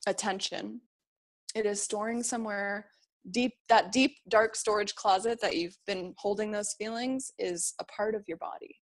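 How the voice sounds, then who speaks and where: A woman being interviewed, talking earnestly and encouragingly about feelings and beliefs, often voicing inner thoughts as quotes. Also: mid-range voice. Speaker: interview guest. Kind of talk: reflective interview talk.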